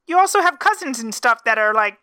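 A woman's voice: a little high, expressive, brisk, pushed and bright, clear, resonant tone, dry recording. A woman hosting a podcast, bubbly and giggly in casual chat. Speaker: podcast host.

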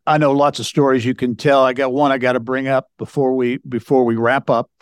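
A man hosting a podcast who asks questions in a halting way, with many pauses. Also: medium pitch, flat delivery, clear, resonant tone, no room sound. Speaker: podcast host. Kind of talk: casual interview.

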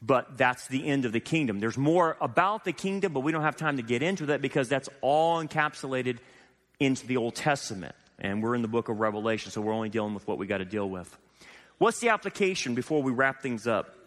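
A male pastor delivers a sermon in an animated way, tossing rhetorical questions at his listeners. His voice sits at an ordinary middle pitch. It carries the long reverb of a church sanctuary. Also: brisk.

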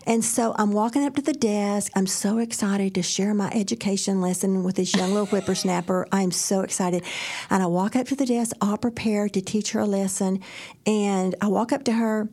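Gravelly woman telling a lively story. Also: mid-range voice, normal speed. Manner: animated storyteller, laughs often, acts out quotes. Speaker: podcast co-host. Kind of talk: faith-based casual chat, storytelling.

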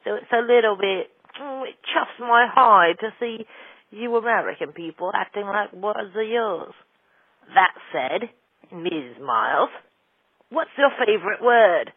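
A man with a British accent calls in with a question. His voice sits very high for a man, and his mock-pompous, teasing delivery comes through a tinny phone line with no room sound at all. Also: lively intonation, a little slow, breathy edge, no echo. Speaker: caller.

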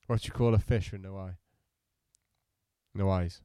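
A man co-hosting a podcast, reading out corny jokes deadpan and laughing at his own punchlines. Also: low-pitched, moderate pace, clear, resonant tone, dry recording, clean studio sound. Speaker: podcast co-host.

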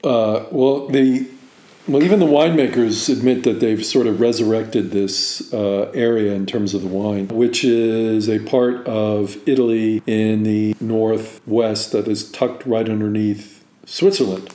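A middle-aged man co-hosting a wine podcast, speaking in a measured, explanatory way. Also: lowish voice, fairly even intonation, warm tone. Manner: measured and explanatory, with pauses and fillers. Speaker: podcast co-host, wine expert. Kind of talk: casual podcast chat. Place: sparse, empty apartment room. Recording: echoey empty room.

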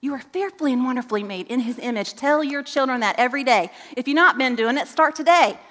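A woman's voice: high voice, quick pace, fairly bright tone. Earnest woman preaching in a reverberant church. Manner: earnest, emphatic preaching with rising questions to kids. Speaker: children's ministry director. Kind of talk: church talk to parents. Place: church sanctuary. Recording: long reverb in a church hall.

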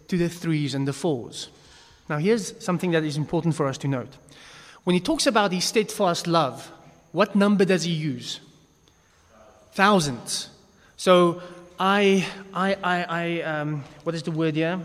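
Guy teaching a bible class, kinda high voice, jokey and loose, lots of echo. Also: measured pace, a bit bright. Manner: chatty, joking, with frequent restarts. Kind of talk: casual teaching talk. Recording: long echo of a reverberant hall.

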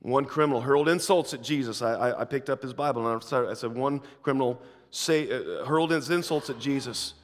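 A man preaching and telling stories, who swings from hushed, slow lines to fervent ones. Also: mid-range voice. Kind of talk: sermon with storytelling. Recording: long reverb of a large hall.

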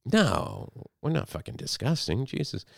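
A man in his thirties co-hosting a casual podcast, joking and slipping into loud mocking impressions. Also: medium pitch, wildly swooping pitch, a little slow, creaky, no echo, studio quality. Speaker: podcast co-host. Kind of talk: casual banter.

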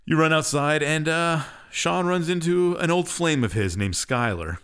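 A man's voice: fairly high pitch, animated, unhurried, fairly bright tone, clear, resonant tone. A man co-hosting a podcast, casually retelling a game's story in an offhand, rambling way full of fillers. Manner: rambling and offhand, with many fillers and shrugging asides. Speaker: podcast co-host.

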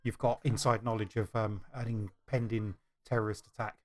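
A man's voice: fairly low pitch, steady tone, a little fast, a little mellow. A man co-hosting a podcast, cutting in with dry, teasing remarks. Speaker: podcast co-host. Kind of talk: casual chat.

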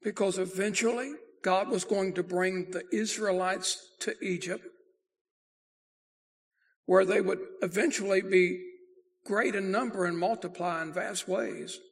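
A high-pitched male pastor delivers a sermon, his voice rough with gravelly fry. He preaches in a folksy, emphatic way and slows down to lean on repeated words. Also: steady tone.

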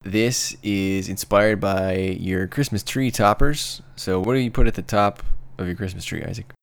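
A man's voice: fairly low pitch, moderate pace, gravelly. A man co-hosting a casual podcast, explaining his ideas with enthusiastic, rambling detail. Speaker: co-host.

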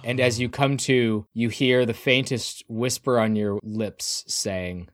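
A man hosting a tabletop role-playing podcast, reading announcements briskly and narrating scenes as game master. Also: medium pitch, steady tone, dry recording, studio quality. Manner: quick, upbeat host reads, slower scene narration.

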